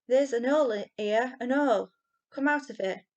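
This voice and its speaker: A woman voicing a panicky young boy with a shrill, wailing voice. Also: steady tone, extremely slow, darkish tone. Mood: excited.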